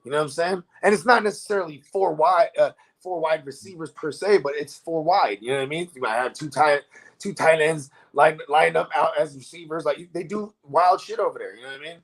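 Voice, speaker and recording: A man's voice: a little high, fairly quick. A man co-hosting a live fantasy football show, talking casually and profanely and asking "you know what I mean" again and again. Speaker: fantasy football podcast co-host. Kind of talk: casual live-stream sports chat.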